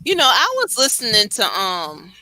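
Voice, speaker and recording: A woman with a New York accent chatting casually on a late-night show, animated and rambling, laughing often. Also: medium pitch, normal speed, poor audio. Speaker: co-host.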